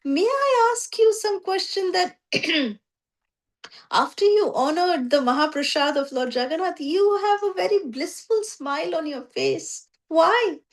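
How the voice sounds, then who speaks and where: A shy, respectful devotee, raised high and lifted with coaxing wonder, as a woman storyteller puts him on. He asks gently, pitched well above an ordinary man. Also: animated, a little slow, full character voice. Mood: curious. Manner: hesitant, coaxing. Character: timid, respectful male devotee.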